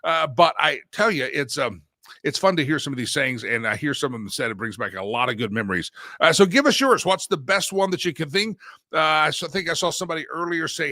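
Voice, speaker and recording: Chatty folksy man, bright dry voice. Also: mid-range voice, expressive, brisk, no room sound. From Southern United States. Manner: chatty, folksy, laughs often. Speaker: talk show host. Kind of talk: casual live-stream talk.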